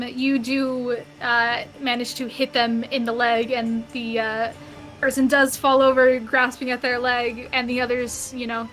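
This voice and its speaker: High voiced lady dm, slow and giggly, faint music behind. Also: sharp tone, low-quality recording. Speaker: dungeon master. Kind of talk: running a tabletop game on stream.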